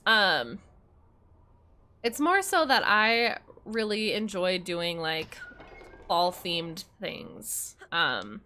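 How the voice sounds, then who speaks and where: Bubbly, lively young woman streamer. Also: mid-range voice. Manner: chatty and bubbly, swears freely, greets and thanks viewers. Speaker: game streamer. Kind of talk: casual livestream chat while playing.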